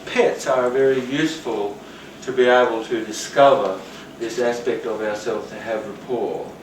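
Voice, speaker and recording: A man giving a rambling, animated talk on rapport, now and then acting out the voices of people he quotes. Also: medium pitch, moderate pace. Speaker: teacher. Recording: roomy, distant, noisy.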